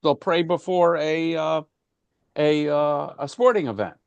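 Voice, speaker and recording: A man's voice: on the high side, steady tone, a little slow, smooth, no echo, dull audio. A man leading an informal class discussion, talking conversationally with frequent restarts and fillers. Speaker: class teacher.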